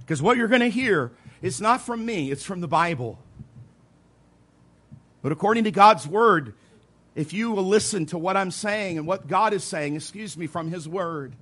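High-voiced man preaching emphatically. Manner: earnest preaching, emphatic repetition, occasional soft laughs; swings between loud emphasis and quiet asides. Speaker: pastor. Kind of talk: sermon.

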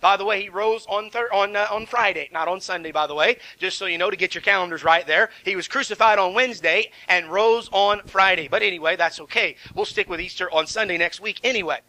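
Middle-aged male pastor, folksy sermon delivery, high bright voice, dry close sound. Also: fairly quick, few pauses, no echo, rough recording. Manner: folksy and conversational, with many fillers and restarts.

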